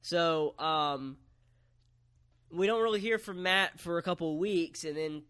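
Man, podcast co-host, bright tone, slightly higher voice, casual recap. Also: a little slow, smooth, dry recording. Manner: relaxed storytelling with fillers. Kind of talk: casual chat recapping wrestling.

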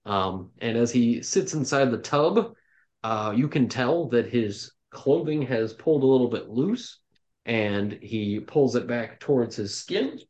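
A man running a tabletop game as dungeon master, narrating in a loose, relaxed way full of ums and restarts. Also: mid-range voice, a little slow. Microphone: home microphone on an online call.

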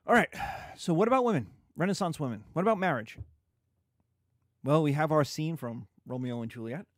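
A man's voice: a little high, brisk, no room sound, clean studio sound. A man giving a conversational history lecture, acting out scenes as he goes. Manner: animated, conversational, acts out scenes. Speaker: history teacher. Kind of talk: classroom lecture.

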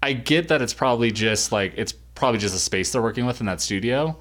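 A young man co-hosting a casual podcast chat, talking quickly and saying "like" often. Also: medium pitch, a bit bright. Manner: chatty, heavy use of "like". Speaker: podcast co-host.

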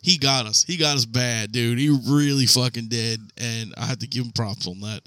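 A man with a very bright, forward voice tells a rambling story as a podcast co-host. His talk is loose and profane, and he keeps breaking into laughter. The sound is close and dry. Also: medium pitch, moderate pace, dry recording. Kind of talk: casual storytelling chat.

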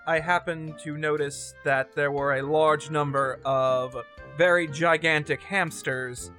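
A man's voice: fairly high pitch, fairly even intonation, measured pace, pushed and bright, soft background music. A man playing a tabletop game character in an overly polite, formal way, hesitating with frequent ums. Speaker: player. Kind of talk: in-character tabletop role-play.

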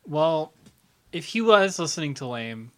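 A man's voice: fairly high pitch, sing-song, unhurried. A man co-hosting a podcast, tossing in dry joking interjections during casual political chat. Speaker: podcast co-host.

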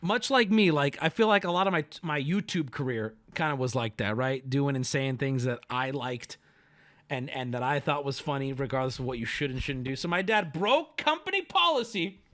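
Animated, bright-voiced male streamer. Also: on the high side, moderate pace. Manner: animated, profane, jokey. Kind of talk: casual storytelling on stream.

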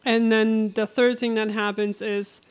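A woman co-hosting a casual book chat, telling the plot with lively acted-out quotes. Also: fairly high pitch, a little slow, clean tone. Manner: animated storytelling, acts out lines in quotes. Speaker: podcast co-host recapping a book.

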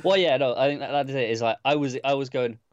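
A man's voice: medium pitch, quick pace, dry recording, muffled recording. A man co-hosting a podcast, chatting casually, often restarting and repeating words. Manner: hesitant, repeats words, relaxed. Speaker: podcast co-host. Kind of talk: casual chat.

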